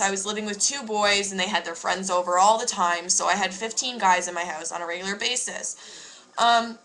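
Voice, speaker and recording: A woman's voice: mid-range voice, fairly bright tone, low-quality recording. A young woman casually telling a story to camera, candid and emphatic, swearing freely. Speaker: vlogger.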